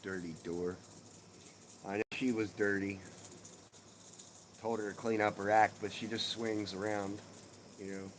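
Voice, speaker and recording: A man's voice: on the low side, little pitch movement, unhurried, long pauses, a little hiss or hum, rough recording. A middle-aged man hosting a casual live stream from his porch, swearing freely and cracking jokes. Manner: profane, joking banter. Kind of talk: casual chat with viewers. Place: outdoors on a home porch.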